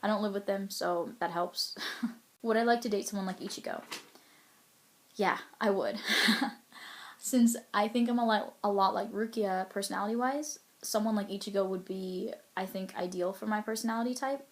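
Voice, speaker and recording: A woman's voice: mid-range voice, steady tone, moderate pace. A young woman chatting casually to camera, answering profile questions in a candid, rambling way with frequent ums and little laughs.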